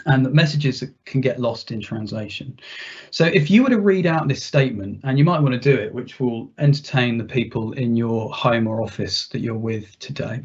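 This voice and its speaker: A man at a mid pitch leads a workplace training webinar, chatty and full of rhetorical questions. His voice is slightly husky, and the webinar audio comes through dull and muffled. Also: normal speed. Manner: conversational, with frequent restarts and rhetorical questions. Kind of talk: webinar workshop presentation.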